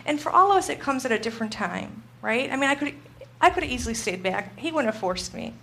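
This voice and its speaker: A middle-aged woman gives a faith lesson in a casual, talky way. She tells her stories with animation and acts out her own panic. Her voice sits a little higher than most women's. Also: expressive, fast, vocal fry, a bit bright, slight background noise. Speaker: Christian teacher. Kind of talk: teaching talk with personal story.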